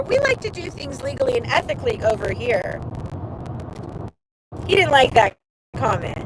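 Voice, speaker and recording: A woman hosting a livestream who tells a story in a lively, animated way, acting out other people's lines and swearing freely as she goes. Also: high voice. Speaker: show host. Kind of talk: casual chat on a livestream. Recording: noisy car interior.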